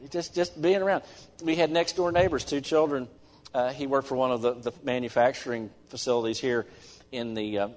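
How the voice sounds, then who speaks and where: A middle-aged man preaching a sermon as pastor, earnest, swinging between emphatic stresses and soft asides. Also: medium pitch. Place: church sanctuary. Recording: long church-hall reverb.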